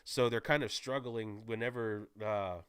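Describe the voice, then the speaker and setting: A man giving a casual, excited spoiler recap as a movie reviewer, rambling and correcting himself as he goes. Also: medium pitch, a little slow, clear, resonant tone, dry recording, studio quality.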